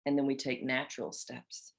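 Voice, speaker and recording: Host, female, 60s, low voice, expressive spiritual coach talk. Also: moderate pace, creaky. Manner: expressive, acts out inner voices with laughter. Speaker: host of a women's group chat.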